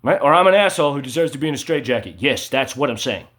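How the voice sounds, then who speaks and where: A man's voice: lively intonation, fast talker. Agitated man ranting, tagging "right?". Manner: agitated, repetitive, ends sentences with "right?"; insistent, swings between loud emphasis and low mutters. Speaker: vlogger. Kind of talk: ranting monologue to camera.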